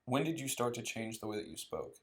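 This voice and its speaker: A man's voice: medium pitch, sing-song, fast talker. A young man with a Southern US accent hosting a podcast, chatting and teasing his guest into a podcast mic. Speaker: podcast host. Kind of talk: casual chat. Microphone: podcast microphone.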